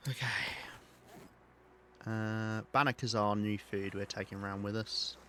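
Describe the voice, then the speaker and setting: A man streaming a survival game live, chatting loosely and thinking out loud as he plays. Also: lowish voice, steady tone, unhurried, a little hiss or hum. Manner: chatty, rambling, thinks aloud while playing. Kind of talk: live-streamed let's play commentary.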